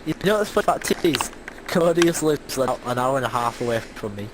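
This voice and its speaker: A teenage boy from Leeds with a Leeds accent, rambling excitedly through a story in casual podcast chat. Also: medium pitch, a little fast, noisy background. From Leeds, England. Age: teens. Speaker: podcast co-host.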